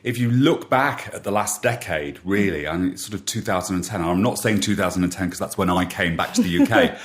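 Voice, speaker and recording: A man's voice: low-pitched, big pitch swings, brisk. A man hosting a podcast interview, asking questions and leaning on tag endings like "isn't it". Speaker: podcast host. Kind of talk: casual interview chat.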